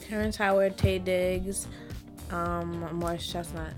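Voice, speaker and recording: A woman's voice: on the low side, steady tone, slow pace, music in the background. A woman co-hosting a podcast, chatting candidly in a rambling, giggly way. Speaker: podcast co-host. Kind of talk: casual chat.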